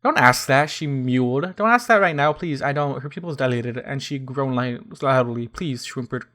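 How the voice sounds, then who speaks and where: A man's voice: mid-range voice, steady tone, moderate pace, natural voice. A man voicing a frightened, lovesick young female pony princess in an audio reading, whimpering and stammering. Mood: pleading.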